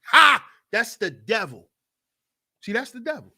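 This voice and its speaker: Man, podcast host, livestream commentary, high voice, sharp tone, mocking. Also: unhurried, creaky. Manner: animated, mocking, keeps asking "you see".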